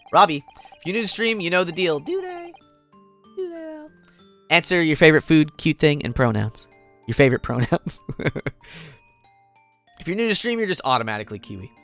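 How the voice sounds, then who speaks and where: A man's voice: on the high side, lively intonation, moderate pace, pauses often, fairly bright tone, soft background music. A young man live-streaming a game, playful and giggly, chatting with his viewers.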